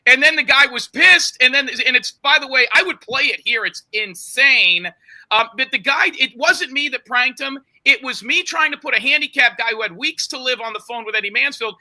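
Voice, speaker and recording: A man's voice: very high-pitched, moderate pace, sharp tone. A man hosting a podcast, pushing his side of a story during a heated argument and talking over the others. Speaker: podcast host.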